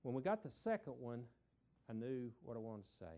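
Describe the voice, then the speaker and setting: A middle-aged man, a preacher telling a folksy story in a sermon, repeating words and swelling louder for emphasis. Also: mid-range voice, sing-song, fairly quick.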